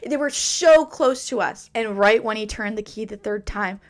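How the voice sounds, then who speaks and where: A woman hosting a casual storytime podcast, telling a story with an animated, dramatic delivery. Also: medium pitch, moderate pace. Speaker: podcast host.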